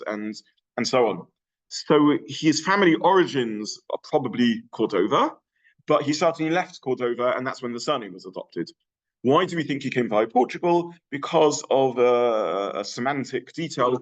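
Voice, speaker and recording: A middle-aged man giving an adult education lecture, thoughtful and pausing with many fillers and restarts. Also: mid-range voice, dull audio.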